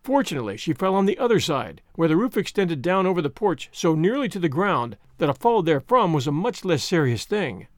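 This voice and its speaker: A man narrating an audiobook in an expressive, measured reading. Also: a little high, dry recording, studio quality.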